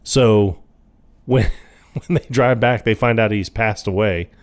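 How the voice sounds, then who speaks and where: A man's voice: fairly low pitch, slow. A man co-hosting a podcast, casually recapping a film scene by scene and laughing often as he acts out quoted lines. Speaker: podcast co-host.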